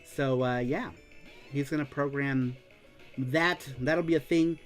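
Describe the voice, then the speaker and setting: Excitable man hosting a livestream, music behind. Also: a little high, takes it slowly, pauses often. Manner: excitable, laughs often, reads viewer comments aloud. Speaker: show host. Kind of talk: casual livestream chat.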